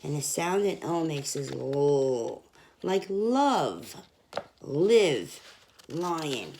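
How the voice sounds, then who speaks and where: A woman's voice: low-pitched, a little hiss or hum. A young woman teaching children, reading an alphabet picture book aloud and sounding out each letter. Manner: slow, sounding out letters, lively sing-song.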